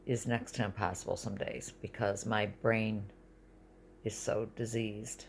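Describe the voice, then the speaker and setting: Gravelly middle-aged woman venting. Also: a bass voice, flat delivery, a little slow, slight background noise. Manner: rambling, confessional, drops to near-whispers. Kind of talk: casual personal vlog, venting. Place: sitting in bed at home.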